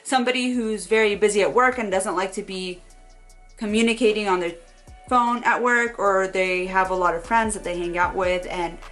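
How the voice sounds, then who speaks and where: A young woman talks straight to her phone camera in a casual advice vlog. Her delivery is animated and expressive, and she acts out quoted voices now and then. Faint music plays softly underneath. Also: medium pitch, moderate pace. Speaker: vlogger.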